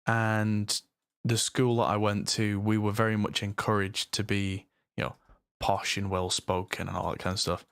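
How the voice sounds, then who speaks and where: A man's voice: fairly low pitch, level tone, moderate pace, creaky, fairly bright tone, smooth, no echo, studio quality. A man from the north of England with an English accent, chatting casually and rambling on a live stream while he mixes. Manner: rambling, chatty, self-deprecating. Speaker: mixing engineer and streamer.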